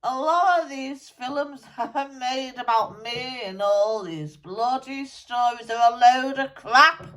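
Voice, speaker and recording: Ranting dead rock musician guy, put on by a woman medium, swears a lot, slow and high. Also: fairly bright tone. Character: blunt angry male rock musician spirit. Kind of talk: channelled spirit monologue.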